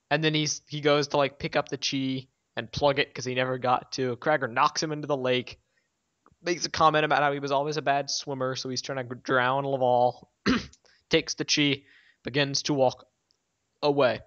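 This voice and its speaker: A man's voice: medium pitch, level tone, normal speed, a bit bright, smooth, dry recording. A man recapping a cartoon episode in casual chat, rambling, laughing often and quoting the characters in jokey voices. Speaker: show co-host. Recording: dry, dull lo-fi mic.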